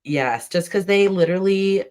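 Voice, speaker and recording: A woman with a low-pitched voice hosts a casual podcast chat. She talks eagerly, filling her sentences with "like" and bursting into quick laughs. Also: darkish tone. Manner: enthusiastic, chatty, with frequent "like" and laughs. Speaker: podcast host.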